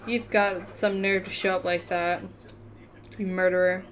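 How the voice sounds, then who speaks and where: A woman's voice: fairly low pitch, flat delivery, a little slow, a bit bright. A woman reading the lines of a group of taunting teenage schoolboy bullies in a story game, mocking and jeering. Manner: mocking and jeering, read plainly.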